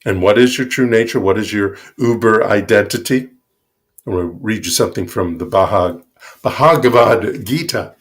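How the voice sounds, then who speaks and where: A male minister giving a sermon, speaking in a slow, reflective and emphatic way. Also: on the low side.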